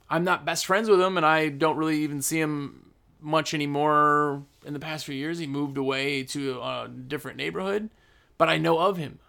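A man who runs a trades business, giving blunt, emphatic business advice in a casual talk and slowing down to stress his points. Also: fairly high pitch, creaky, fairly bright tone. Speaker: business owner.

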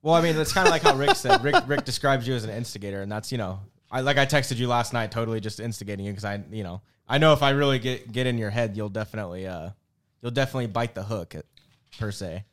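A man's voice: medium pitch, big pitch swings, a bit bright. A young man co-hosting a podcast, chatting in an easygoing way with lots of fillers. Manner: fast, easygoing, filler-heavy talk. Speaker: podcast co-host. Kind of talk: casual chat.

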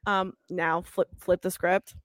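A woman's voice: fairly low pitch, little pitch movement, slow pace, fairly bright tone, no room sound. A woman co-hosting a podcast in casual chat, playful and teasing, cutting in with ideas. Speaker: podcast co-host.

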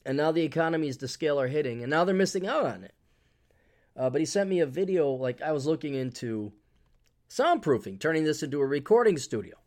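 A man's voice: fairly high pitch, expressive, a little fast, a little mellow. A man hosting a podcast in a casual monologue, ranting sarcastically and acting out mock quotes. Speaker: podcast host.

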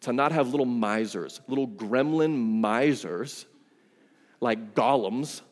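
Pastor preaching in a reverberant church. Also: male voice, medium pitch, slow pace. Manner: conversational and emphatic, with casual asides. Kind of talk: sermon. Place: church sanctuary.

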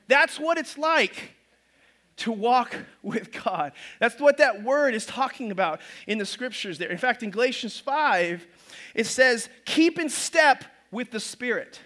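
A middle-aged male pastor preaching a storytelling sermon, acting out voices in his stories and sometimes rising to shouts. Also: very high-pitched.

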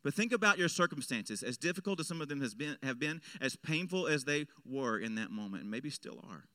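A man preaching a sermon as pastor, swinging between loud emphatic lines and hushed low ones. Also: expressive, fairly quick, dry recording. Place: church.

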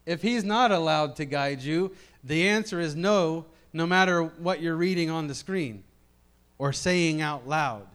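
A man preaching a sermon to a congregation, swinging between quiet reflective passages and loud emphatic ones, often repeating words as he builds up. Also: fairly high pitch, unhurried, clean tone. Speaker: pastor.

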